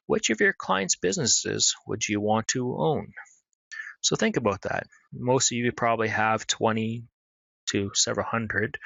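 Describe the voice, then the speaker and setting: A man giving a webinar presentation in a brisk, conversational way, full of fillers. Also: mid-range voice, creaky, fairly bright tone, no echo, muffled recording. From Canada. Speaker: marketing presenter.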